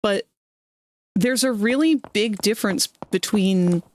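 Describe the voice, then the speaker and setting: A woman from Maryland, United States, chats casually on a livestream while gaming, rambling through stories with self-deprecating asides. Her medium-pitched voice is slow and darkish, with a faint hiss or hum in the audio.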